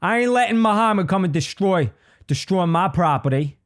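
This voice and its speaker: A man's voice: high voice, animated, normal speed, pitched above the performer's own voice. A man voicing an indignant rural Southern American man with a put-on Southern US accent. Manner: indignant, blustering.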